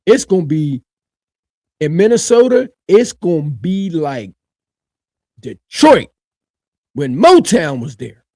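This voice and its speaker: A man giving animated reaction commentary on a video, colloquial, swinging from low mutters to loud high shouts. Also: slow, long pauses, no room sound.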